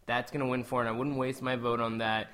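Male podcast host, clear and bright, casual reflective chat. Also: medium pitch, flat delivery, fast talker. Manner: thoughtful, conversational, restarts when building a point.

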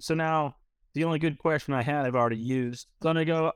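Guy in his 30s from new hampshire, rambly storytelling, lots of "like", smooth voice, dry sound. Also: fairly high pitch, fairly even intonation, brisk, dry recording. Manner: rambling, filler-heavy with frequent "like". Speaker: restaurant owner guest. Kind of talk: casual storytelling.

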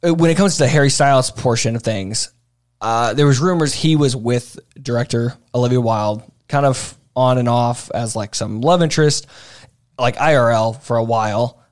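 A man co-hosts a podcast in casual chat, his mid-range voice moving at a moderate pace. He rambles, with many fillers and restarts.

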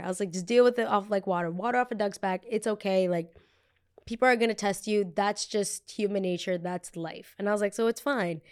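Animated young woman telling a story. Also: medium pitch, brisk, smooth. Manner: animated, quotes others in raised voices. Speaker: podcast host. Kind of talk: casual storytelling.

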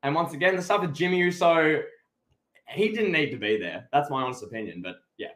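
A man's voice: on the high side, lively intonation, fairly quick, fairly bright tone, reverberant. A man co-hosting a podcast, giving opinionated, emphatic takes in casual chat about a wrestling show. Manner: opinionated, emphatic, many restarts. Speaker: podcast co-host.

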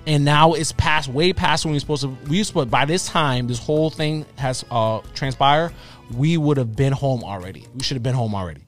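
Here a thirties-aged man co-hosting a podcast spins a lively, easygoing story, voicing the lines of the people involved. He speaks at a medium pitch.

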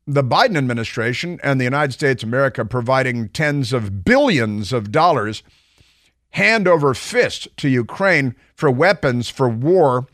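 A man's voice: mid-range voice, a bit bright, dry recording, clean studio sound. A man hosting a talk radio show, delivering a sarcastic monologue. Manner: sarcastic, mocking quoted voices.

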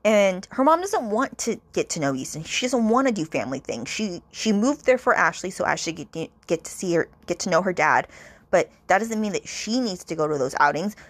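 A woman's voice: fairly low pitch, very animated, brisk, dry recording. A woman hosting a podcast, chatting casually about a novel, retelling scenes in quoted voices with lots of "like" and exasperated asides. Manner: frequent "like" fillers, exasperated asides. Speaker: podcast host. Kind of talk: casual book review chat.

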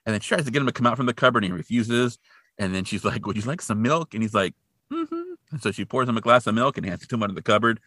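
A man co-hosting a podcast, casually retelling a film's plot and acting out characters in high put-on voices. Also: rapid-fire, fairly bright tone, dry recording, studio quality. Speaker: podcast co-host. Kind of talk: casual chat retelling a film.

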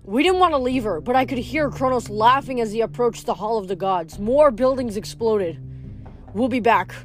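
A woman reading a novel aloud in steady narration, now and then stumbling over a word. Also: on the high side, moderate pace, soft background music. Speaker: reader.

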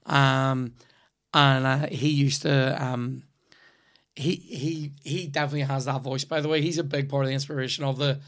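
A man's voice: medium pitch, level tone, moderate pace, a bit bright. A young man with a Northern Irish accent, hosting a podcast and telling rambling, sweary stories with plenty of laughter in a casual chat. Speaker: podcast host and comedian.

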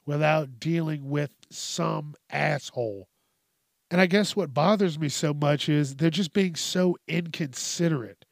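Profane, gravelly male host ranting. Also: fairly high pitch, no echo, studio quality. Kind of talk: comic rant.

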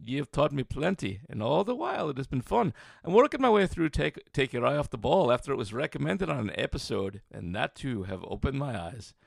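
A man's voice: medium pitch, sing-song, fairly quick, creaky, hardly any pauses, no echo, studio quality, heavily acted. A man putting on a thick exaggerated brogue to read out a listener's letter. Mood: earnest. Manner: exaggerated put-on accent.

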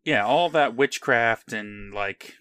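A man's voice: mid-range voice, takes it slowly, sharp tone, clean tone, no room sound. A man co-hosting a podcast in casual chat, with a dry, wry humor. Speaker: podcast co-host.

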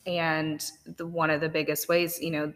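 A woman with a bright, forward tone hosts a casual faith podcast, keeping her pitch fairly level. She affirms her guest often and pauses on small fillers. Her voice rings out with a long reverb from the room. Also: level tone. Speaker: podcast host.

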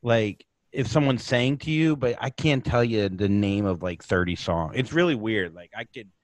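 A man's voice: on the low side, normal speed, no echo. A man from Florida hosting a podcast, teasing and joking with his guest in casual chat. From Florida, USA. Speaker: podcast host.

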